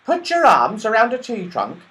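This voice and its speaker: A man voicing an anxious small squirrel in a storybook reading, speaking high and urgently. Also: wildly swooping pitch, normal speed, fairly bright tone, heavily acted.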